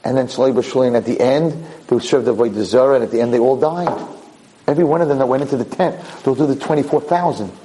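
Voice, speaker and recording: Mellow-voiced rabbi telling a story. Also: male voice, medium pitch, quick pace, low-quality recording. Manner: animated, repeats words for emphasis. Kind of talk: Torah lecture storytelling.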